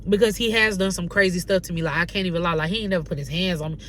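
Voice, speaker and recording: A young woman from North Carolina telling a casual storytime on her vlog, animated and slangy, acting out the dialogue she quotes. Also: on the low side, rapid-fire, slight background noise. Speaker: vlogger.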